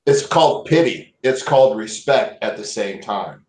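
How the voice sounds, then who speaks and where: A man arguing heatedly and profanely, shouting others down. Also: lowish voice, lively intonation, moderate pace. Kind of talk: heated argument. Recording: echoey room.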